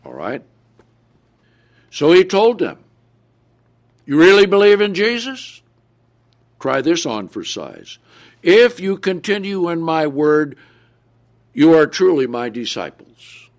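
A man preaching a sermon, asking the audience questions and answering them himself with emphasis. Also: fairly high pitch.

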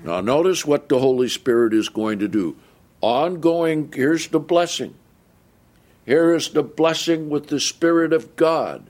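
Guy preaching a bible sermon, slow and emphatic, voice swinging up and down. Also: lively intonation, darkish tone. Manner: slow, emphatic reading with wide swings in pitch.

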